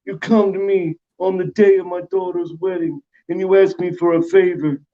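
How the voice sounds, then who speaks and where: A man putting on a solemn older Italian mob boss with an Italian accent, slow and grave. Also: sits high, flat delivery, muffled recording, pitched above the performer's own voice, natural voice.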